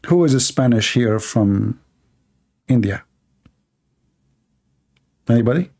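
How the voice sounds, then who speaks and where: A man's voice: medium pitch, expressive, slow, a little mellow. A man giving mocking live-stream commentary while reading viewer comments aloud, sarcastic and teasing. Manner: sarcastic, teasing, laughs at his own jokes.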